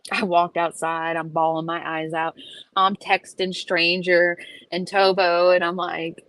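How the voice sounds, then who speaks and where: Casting: young adult woman, a little low-pitched, animated and profane, telling a casual story. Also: unhurried, no echo. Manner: animated, profane, emphatic retelling. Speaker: vlogger.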